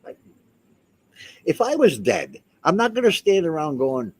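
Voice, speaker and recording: A man's voice: a little high, huge pitch swings, a little slow, pauses often, breathy edge. A man talking casually to the camera as a vlogger, rambling and emphatic, often restarting his sentences. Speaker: house owner and vlogger.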